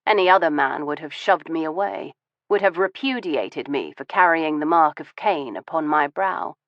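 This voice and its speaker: A woman narrating a first-person audiobook in a composed, measured way. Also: low voice, no echo. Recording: dull, dry studio audio.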